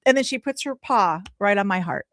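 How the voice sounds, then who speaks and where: A woman in her forties, a podcast guest, telling a heartfelt personal story in an animated way, acting out the voices she quotes. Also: medium pitch, a little fast, no echo, clean studio sound. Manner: animated, acts out quoted voices, laughs often.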